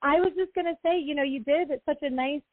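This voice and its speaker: A woman's voice: sits high, quick pace, no room sound. A woman speaking as a guest on a radio interview, friendly and easygoing, with fillers like "um" and "you know". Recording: dry, phone-like line.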